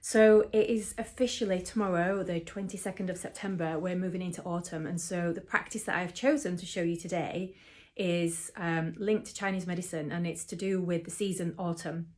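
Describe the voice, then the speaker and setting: A woman who teaches mindfulness and acupressure in a gentle, chatty way, with frequent ums. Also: fairly low pitch, steady tone, normal speed. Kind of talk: relaxed instructional talk to camera.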